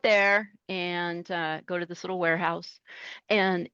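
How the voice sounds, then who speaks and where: Animated woman trucker telling stories. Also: on the low side, slow pace, smooth, no echo, lo-fi sound. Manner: animated, laughing, acts out voices. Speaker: guest, truck driver. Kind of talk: casual interview storytelling.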